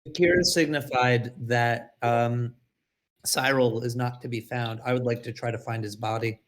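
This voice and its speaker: A man's voice: medium pitch, steady tone, moderate pace. A male player with an ordinary mid-range voice works through his turn in a tabletop game. He speaks earnestly and checks his options as he goes. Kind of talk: casual play at a tabletop game.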